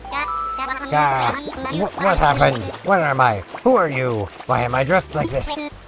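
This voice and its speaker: A washed-up pirate seagull growls his way through his tale in a gruff sea-dog manner, as a man puts on the voice. His pitch leaps up and down with lively swings. He is a blustering cartoonish game sailor. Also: slow, over loud music, exaggerated voice. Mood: blustery.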